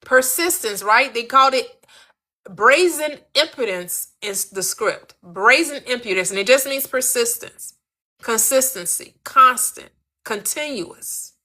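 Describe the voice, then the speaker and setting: A woman delivers a spiritual teaching with a bright, clear voice pitched a little high. She talks in a preacherly rhythm, repeating key phrases and asking rhetorical questions. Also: expressive, a little slow. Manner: emphatic, repetitive, preacherly cadence with rhetorical questions.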